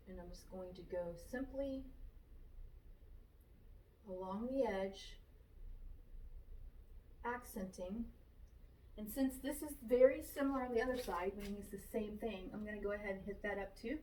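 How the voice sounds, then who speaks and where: A Florida woman walks through a furniture painting technique in her shop, casually narrating each brush stroke and repeating her steps aloud as she works. Her medium-pitched voice comes from a distance in an echoey room, with a little hiss or hum.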